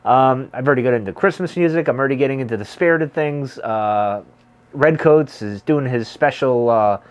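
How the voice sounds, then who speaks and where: A middle-aged man chatting casually to camera as a pipe-smoking vlogger, rambling and circling back to his points. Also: mid-range voice.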